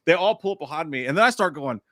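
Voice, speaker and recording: Man, casual storytelling, animated, bright voice, fast. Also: fairly high pitch, dry recording, clean studio sound. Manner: animated, acts out quotes, swears a lot. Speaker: podcast co-host.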